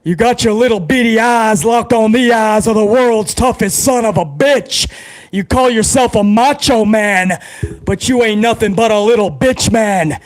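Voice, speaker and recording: A tough, foul-mouthed brawler sneers through a promo , played by a man doing an impression, firing short barked questions at his rival. The voice is raised and rough-edged. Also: high-pitched, a little slow. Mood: menacing. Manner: brash, mocking, barking questions back.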